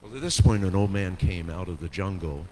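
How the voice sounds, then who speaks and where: Man, pastor, sermon storytelling, hushed to soaring, long church reverb, faint background hiss. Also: low-pitched, lively intonation, brisk. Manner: dramatic storytelling, swings from hushed to soaring and loud. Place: church sanctuary.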